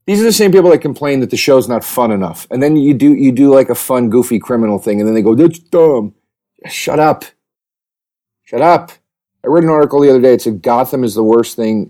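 A man hosting a podcast, rambling through a comedic monologue with profane, animated rants that keep second-guessing themselves. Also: medium pitch.

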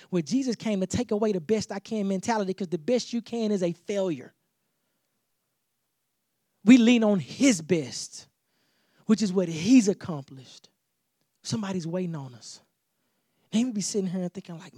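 Preaching at normal speed with long pauses, a high-voiced pastor delivers a loose, animated, conversational sermon, repeating points and acting out short dialogues. The sound is studio quality with no echo.

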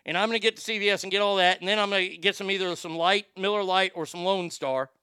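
A man's voice: sits high, steady tone, quick pace, sharp tone, clear, resonant tone, no room sound, studio quality. A man hosting a show in a rambling, profane comedic rant, often stammering and repeating words. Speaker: show host.

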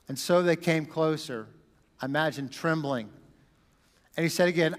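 A man preaching a sermon, dramatic, swinging from loud bursts down to a near whisper. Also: mid-range voice, moderate pace, long pauses, long reverb tail. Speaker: pastor.

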